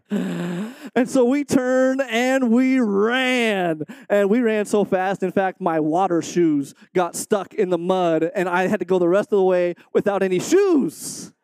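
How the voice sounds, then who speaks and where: High-voiced earnest male preacher. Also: measured pace, hardly any pauses, clear, resonant tone, dry recording. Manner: earnest, animated storyteller who acts out quotes. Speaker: missionary speaking to a supporting church. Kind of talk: sermon with a personal story.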